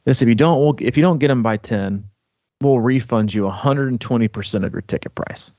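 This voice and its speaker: A man co-hosting a podcast, telling a long story in casual chat, rambling and animated, full of fillers and restarts. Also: mid-range voice, a little fast, dry recording, highs cut off. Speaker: podcast co-host.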